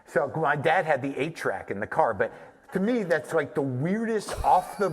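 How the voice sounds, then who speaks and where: A man's voice: on the high side, expressive, normal speed, long reverb tail. A man from New Mexico, a comedian and podcaster, telling a long, profane, self-deprecating story in a live on-stage conversation. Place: theater stage before an audience.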